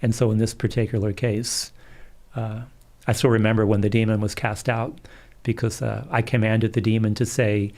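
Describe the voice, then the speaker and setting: A middle-aged man, a Catholic priest, calmly telling stories in an interview. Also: lowish voice, moderate pace. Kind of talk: storytelling in a livestream interview.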